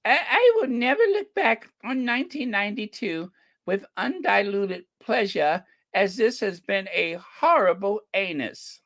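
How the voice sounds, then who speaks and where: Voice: mid-range voice, animated, unhurried, a bit bright, voice pushed up. An American commentator doing a mocking impression of an elderly British queen in a put-on upper-class English accent, stilted and mock-regal. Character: impression of an elderly female British monarch, stately.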